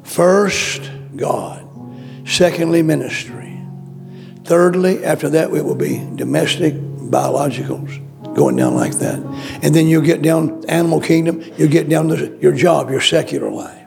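A man's voice: fairly high pitch, animated, unhurried, vocal fry, darkish tone, soft background music. A male preacher delivering a sermon, emphatic and repetitive, calling out questions to the congregation. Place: church.

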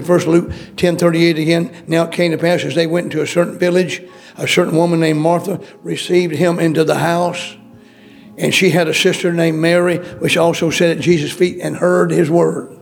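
In a church, a male preacher with a fairly high, creaky, slightly mellow voice delivers a sermon. He is emphatic and repetitive, calling out questions to the congregation.

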